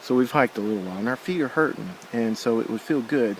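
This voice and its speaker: A man's voice: medium pitch, fast talker, a little hiss or hum, rough recording. A man filming his hike outdoors beside a forest creek, rambling and thinking aloud in a casual vlog, correcting himself as he goes. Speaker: hiker filming his trip.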